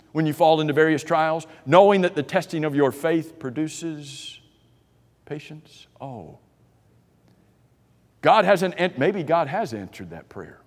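A male pastor delivers a sermon in a slightly raised voice. He keeps asking his listeners questions and puts on the voices of doubters. A long hall reverb trails behind every phrase. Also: on the high side.

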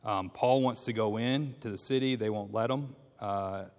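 In a hall with long reverb, a man whose voice is on the low side and darkish in tone teaches scripture. He reads haltingly, restarting and using many fillers, while quizzing his class.

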